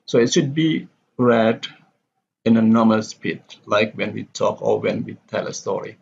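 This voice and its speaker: A man lecturing on pronunciation, methodically repeating example sentences slowly with exaggerated stress. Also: lowish voice, gravelly, breathy edge. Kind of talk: recorded lecture. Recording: dull lo-fi recording with faint background hiss.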